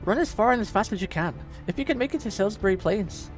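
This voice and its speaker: A man voicing a gruff, protective old blacksmith who talks brusquely and urgently. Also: sits high, lively intonation, quick pace, soft background music, pitched above the performer's own voice.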